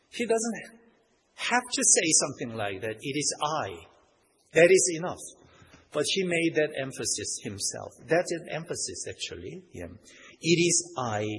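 Emphatic male preacher in a reverberant hall. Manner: emphatic, rises in pitch and volume on key points; reads scripture in old-fashioned wording. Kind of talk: sermon. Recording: long hall reverb, faint background noise.

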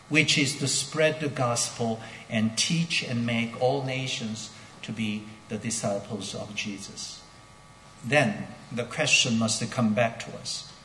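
Slow, deliberate preacher in an echoey hall. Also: male voice, mid-range voice, fairly bright tone, a little hiss or hum. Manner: builds to emphatic, rising declarations; slow, deliberate delivery with repetitions. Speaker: pastor. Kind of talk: sermon. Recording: echoey hall with long reverb.

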